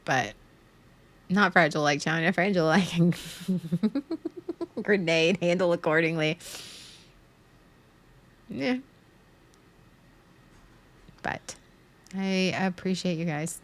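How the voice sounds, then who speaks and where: A woman's voice: fairly low pitch, takes it slowly, pauses often. A woman in her thirties talking on a live stream, rambling and emotional, restarting her sentences and laughing between thoughts.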